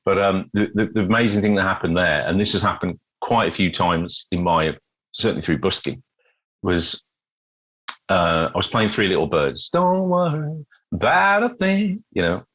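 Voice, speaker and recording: The man's voice is low-pitched and moderately paced, and the audio sounds dull. A middle-aged British busker, he's a guest in a relaxed interview, telling stories with animation, acting out what people said, and often repeating his words.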